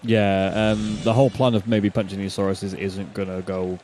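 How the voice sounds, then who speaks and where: A man's voice: sits low, flat delivery, moderate pace, a little mellow, a little hiss or hum. A man commentating a video game match in a chatty, playful way, calling the plays as they happen.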